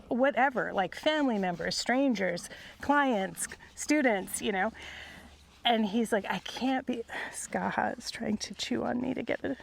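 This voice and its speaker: A woman's voice: mid-range voice, vocal fry. A middle-aged woman recording a casual voice memo outdoors by her horses. She talks in a reflective, confiding way and laughs often. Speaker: podcast host. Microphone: phone voice memo.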